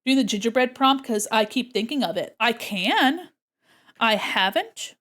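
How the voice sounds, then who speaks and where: A woman's voice: fairly high pitch, expressive, measured pace, a bit bright. A woman art streamer chatting casually and playfully with her viewers while she works on a drawing. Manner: chatty and playful, talks to chat while working.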